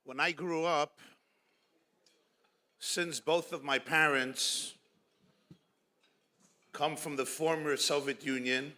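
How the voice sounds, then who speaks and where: A man's voice: a little high, steady tone, sharp tone. A man who is a rabbi, giving a keynote speech full of jokes and stories. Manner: storytelling with jokes, unhurried.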